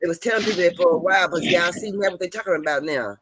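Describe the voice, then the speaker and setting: A man's voice: high-pitched, wildly swooping pitch, rapid-fire, over a noisy crowd. A man hosting a casual chat show, laid-back and talking straight to his viewers. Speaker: host.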